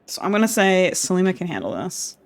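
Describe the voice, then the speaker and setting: A woman's voice: fairly low pitch, sing-song, brisk. A woman streaming a game live, making playful joking asides. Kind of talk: casual live-stream commentary.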